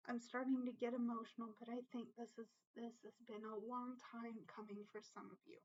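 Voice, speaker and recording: A fairly high-voiced woman talks through a tarot reading, earnest and open with her feelings. She keeps checking in with "okay?" and swears without fuss. The recording sounds dull and lo-fi. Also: little pitch movement, fairly quick, hardly any pauses, darkish tone. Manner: earnest, emotional, repeats "okay?", swears casually. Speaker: tarot reader. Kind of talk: casual tarot reading to viewers.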